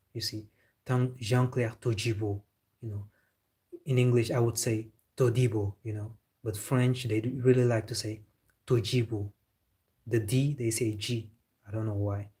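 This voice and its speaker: A man's voice: medium pitch, warm tone. A man hosting a live football reaction stream, chatting casually and answering viewers with strong opinions. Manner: opinionated, replying to chat.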